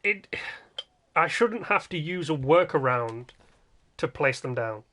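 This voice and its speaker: A man's voice: on the high side, animated, slow, a bit bright. A man casually commenting while building in a game livestream, joking and grumbling in a rambling way. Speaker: game streamer.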